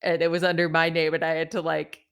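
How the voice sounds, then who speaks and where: A woman co-hosting a podcast, chatting casually about a reality show with quick jokey asides and frequent laughter. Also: low-pitched, monotone, a bit bright, smooth. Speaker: podcast co-host.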